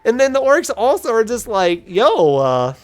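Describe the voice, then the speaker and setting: Voice very high and pace moderate, a man plays a video game as a let's play commentator. His casual commentary is rambling, animated and full of jokey storytelling.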